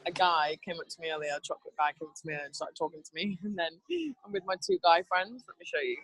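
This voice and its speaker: A woman's voice: fairly low pitch, steady tone, racing, a bit bright, low-quality recording. Upbeat chatty woman leading a team call. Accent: not Canadian. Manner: upbeat, chatty, laughs often. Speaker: team leader. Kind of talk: casual team training call.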